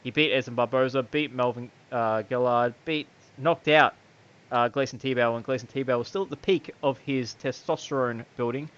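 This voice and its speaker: A man's voice: mid-range voice, fairly even intonation, normal speed, fairly bright tone, smooth, dull audio. A man co-hosting a casual fan podcast, swearing freely, laughing often and rattling off lists of names. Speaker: podcast co-host. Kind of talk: casual chat.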